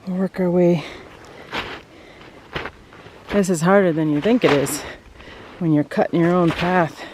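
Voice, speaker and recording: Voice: mid-range voice, background noise. A vlogger talking casually to viewers while hiking up a snowy mountain slope, out of breath from the climb and laughing often. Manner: chatty, addresses viewers directly, laughs often. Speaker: vlogger showing their land. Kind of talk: casual walk-and-talk to camera. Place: outdoors on a snowy mountain hillside.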